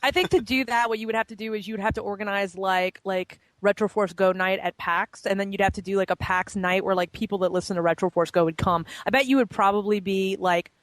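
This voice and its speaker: A woman's voice: mid-range voice, fairly even intonation, fast, few pauses, dry recording. A woman co-hosting a podcast in casual chat, teasing and wry. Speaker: podcast co-host.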